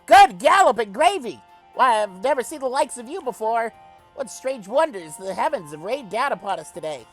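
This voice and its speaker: A man's voice: very high-pitched, big pitch swings, moderate pace, soft background music, voice pushed up. A man voicing a bombastic, space-obsessed male alien tinkerer in an old-timey newsreel announcer style, with grandiose, flowery phrasing.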